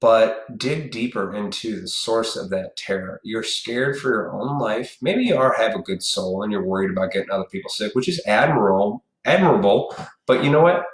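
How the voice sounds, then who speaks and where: A man's voice: on the low side, lively intonation, normal speed, few pauses. A man hosting a casual live stream, ranting bluntly and with profanity straight at his viewers in a preachy tone. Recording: echoey room.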